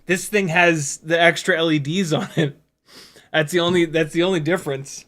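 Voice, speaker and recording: A man chatting loosely while flying a small drone on a live stream, rambling with fillers and breaking into loud laughter and swearing. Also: a little high, steady tone, normal speed. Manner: laughing hard and exclaiming, swearing freely. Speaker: FPV drone pilot.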